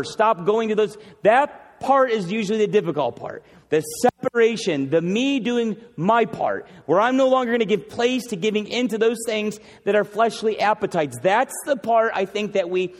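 A man preaching a sermon, earnest and pleading, dropping from loud, fast lines to hushed ones. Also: high voice, long reverb tail.

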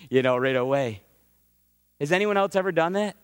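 A man's voice: fairly high pitch, lively intonation, normal speed, clean tone, no echo, studio quality, big-room sound. A man preaching a sermon in a conversational way, sometimes acting out prayers and what God says. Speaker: pastor.

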